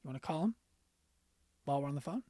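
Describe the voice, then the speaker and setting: A man being interviewed on a podcast as a business coach, telling stories earnestly and going quiet for the emotional parts. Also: a little high, expressive, fast talker, no room sound.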